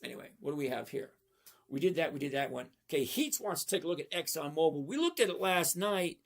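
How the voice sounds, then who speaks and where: Gravelly, husky-voiced man, blunt and folksy. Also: a little high, lively intonation, fast talker. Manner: blunt, folksy, often asks okay?. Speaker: livestream host answering viewer chat about trading. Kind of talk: casual live chat.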